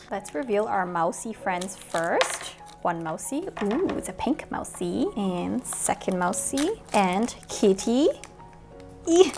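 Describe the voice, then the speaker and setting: A young woman hosting a toy unboxing video, excitable and playful, gasping at each reveal. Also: fairly high pitch, measured pace, soft background music. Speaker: toy unboxing channel host.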